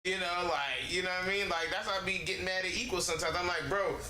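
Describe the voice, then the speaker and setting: A man's voice: sits high, fairly even intonation, quick pace, bright, forceful tone. A man gaming on stream and ranting casually, rambling and swearing with heavy slang. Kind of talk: casual rant while gaming. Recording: echoey room with noise.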